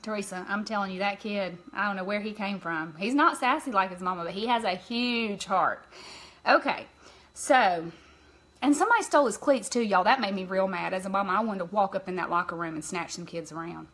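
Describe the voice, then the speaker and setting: A woman's voice: medium pitch, a little fast, a bit bright. A woman hosting a casual makeup live stream, chatting openly and greeting her viewers by name as she goes. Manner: emotional, open about feelings.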